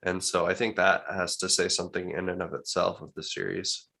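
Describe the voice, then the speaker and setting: A man co-hosting a book podcast with a deep voice, chatting casually while sick. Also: level tone, a little fast, creaky. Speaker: podcast co-host.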